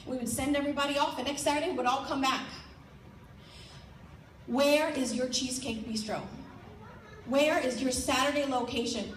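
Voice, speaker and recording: A woman in her thirties with a high voice gives a rousing motivational speech to a live audience, firing questions at the room. Her voice rings through a large echoey hall and is picked up from some distance, with faint room noise behind it. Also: steady tone, moderate pace, long pauses. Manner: rallying, exhorting the crowd with direct questions. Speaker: team leader addressing her sales team.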